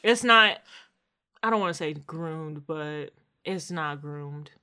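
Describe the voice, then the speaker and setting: A woman's voice: sits low, slow, smooth. A woman co-hosting a casual podcast, recapping a TV episode with lots of laughter and acted-out quotes. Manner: animated, laughing, acts out quoted lines. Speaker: podcast co-host. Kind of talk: casual recap chat about a TV show.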